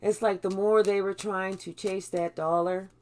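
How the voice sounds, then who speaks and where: A woman's voice: medium pitch, fairly even intonation, moderate pace, slight background noise. A woman giving a spiritual tarot reading in a blunt way, swearing freely. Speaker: tarot reader.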